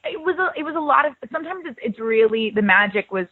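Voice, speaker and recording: A woman's voice: high-pitched, sing-song, fast talker, slightly rough. A young woman in her twenties, an actress guest in a casual interview, talking in a chatty, upbeat way and laughing easily. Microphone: phone. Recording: tinny phone line.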